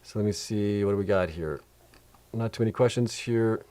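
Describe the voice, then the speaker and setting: Yawning and worn out, a man hosting a laid-back crypto mining livestream muses aloud over spreadsheets and takes questions. He speaks at a normal pace in a mellow, lowish voice.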